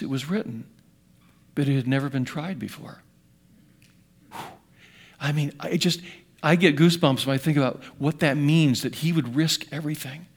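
A pastor in his sixties preaches a sermon in an earnest, slightly high voice, swelling to loud emphasis and then dropping to hushed asides.

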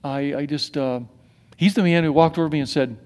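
A middle-aged man preaching a sermon as pastor, animated and swinging from hushed to emphatic, with many restarts. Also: fairly high pitch, a little fast.

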